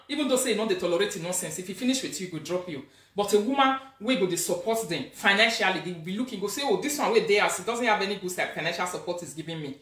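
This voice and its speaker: A woman with a Nigerian accent hosting a live video as a social media influencer, talking in an animated, scolding, emphatic way. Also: medium pitch, recorded from a distance. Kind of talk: casual live-stream rant. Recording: echoey room, away from the mic.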